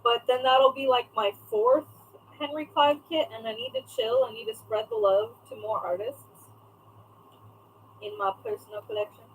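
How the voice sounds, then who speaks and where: Livestream host: a chatty woman with a slightly high voice, faint noise behind her. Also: steady tone, normal speed, rough recording. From California. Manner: chatty, talks to viewers by name, trails off while searching. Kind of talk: casual livestream chat.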